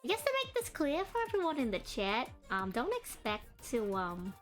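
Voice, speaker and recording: Young woman streamer, high lively voice, chosen cadence, rambling chat, soft music behind. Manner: chatty, rambling, greets chat by name; deliberately adopted speaking voice and cadence. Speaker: streamer and artist. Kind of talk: casual live-stream chat while drawing.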